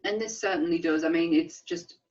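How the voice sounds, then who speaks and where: A woman's voice: on the low side, a little fast, a little mellow, recorded from a distance. A woman co-hosts a casual film podcast, gushing with enthusiasm and breaking into laughter. Her voice sits a little back from the mic. The sound is dull and slightly muffled. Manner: enthusiastic, laughs often, acts out quotes. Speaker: podcast co-host.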